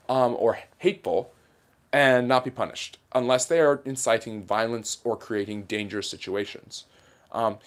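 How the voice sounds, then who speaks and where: A man hosting a livestream Q&A about history, giving blunt opinions as he answers viewer questions. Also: fairly low pitch. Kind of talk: livestream Q&A chat.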